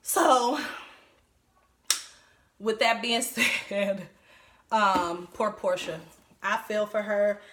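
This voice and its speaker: A woman's voice: medium pitch, drawn-out words, long pauses, fairly bright tone, roomy sound, a little hiss or hum. A woman giving casual recap commentary on a reality show, talking bluntly and profanely and laughing often.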